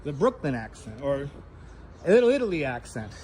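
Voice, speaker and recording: A man walks city streets hosting a casual live stream, loose and profane, thanking viewers as he goes. His voice is on the high side, very animated, brisk and a little mellow. A wireless clip mic picks him up over light traffic noise.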